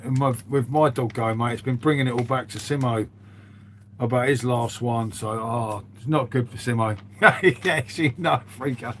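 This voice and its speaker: Guy on a live stream, rambly, chatty, calls everyone mate, medium voice, faint hum behind. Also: medium pitch. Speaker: livestream host. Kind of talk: casual chat with live viewers.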